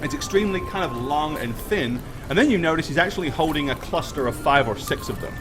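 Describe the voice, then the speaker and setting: A man's voice: on the high side, animated, quick pace. A man narrating a tabletop game as game master, in a casual, chatty way. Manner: casual, chatty, thanks viewers. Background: background music.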